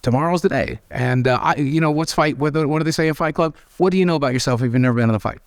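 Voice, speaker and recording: Racing along in a voice on the high side, an American man tells candid stories as an interview guest and acts out the voices of those involved. The sound is dry and clean, studio-grade, and his manner is animated, frank, and self-deprecating.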